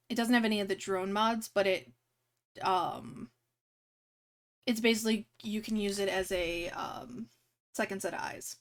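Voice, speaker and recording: Rambling woman game master. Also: medium pitch. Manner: rambling, many fillers and restarts. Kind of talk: narrating a tabletop game on a live stream.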